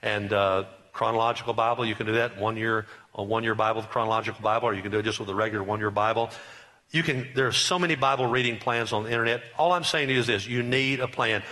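A man's voice: fairly low pitch, fast talker, pushed and bright. A middle-aged man preaching a sermon, emphatic and repetitive, with rising bursts. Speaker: pastor.

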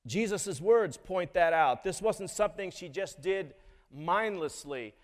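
A man preaching a sermon in a measured way, often putting questions to the congregation. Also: sits high, lively intonation, big-room sound. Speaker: pastor.

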